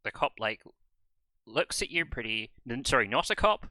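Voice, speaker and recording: A man's voice: mid-range voice, big pitch swings, normal speed, pushed and bright, no echo. A man running a tabletop role-playing game as game master, laid-back and wry as he describes the scene.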